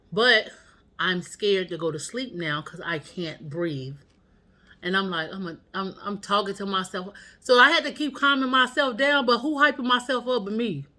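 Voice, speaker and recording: Chatty woman with a bright voice. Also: medium pitch. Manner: candid, profane, chatty. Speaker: vlogger. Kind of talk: casual storytelling monologue. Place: at home.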